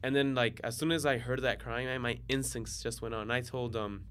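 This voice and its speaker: A man in his twenties, a guest on a casual podcast, telling laid-back, slangy stories that get animated. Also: medium pitch, a little fast, clean tone. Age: 20s. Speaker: guest, DJ and software engineer.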